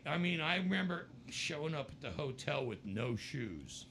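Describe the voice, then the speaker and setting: An American man, a rock musician, telling stories in a casual interview, animated and breaking into laughter and voices. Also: normal speed, slight background noise. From United States. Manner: animated, jumps into high-pitched voices and laughs. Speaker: musician guest.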